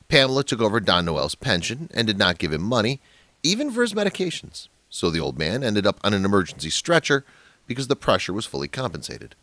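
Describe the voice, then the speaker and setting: A man's voice: fairly low pitch, sharp tone, no echo. A man narrating a dramatic family story in a scripted, emphatic way.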